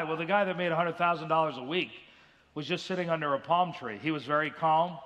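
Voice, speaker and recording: A man in the pulpit delivering an earnest sermon in a high-pitched voice. His tone is bright and forceful, and he slips into acted voices to tell his stories. The sound carries through a big church sanctuary with a long, ringing reverb. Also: a little fast. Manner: earnest preaching, acts out quoted voices. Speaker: pastor.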